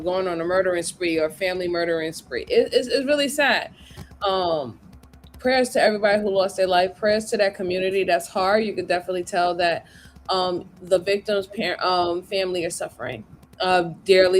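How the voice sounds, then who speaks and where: A woman hosting a casual livestream, talking in a lively, chatty way and reading viewer messages aloud. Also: mid-range voice, a little hiss or hum. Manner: animated, laughs often, reads super chats aloud. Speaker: livestream host.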